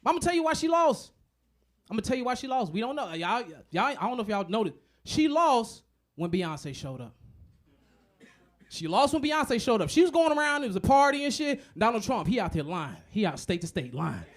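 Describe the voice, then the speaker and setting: A man doing a stand-up comedy set, profane and animated, acting out the voices of other people. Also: very high voice, normal speed.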